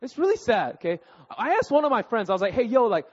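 A man in his thirties preaching through personal stories, animated and self-deprecating, tagging his sentences with "right?" and "okay?". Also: high-pitched, fast. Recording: dull recording with long hall reverb.

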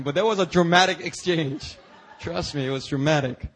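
Animated preacher man, bright husky voice. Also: normal speed. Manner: animated, acts out dialogue with God and Jesus, jumps into high shouts. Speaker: pastor. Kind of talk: sermon. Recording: preached live in a church.

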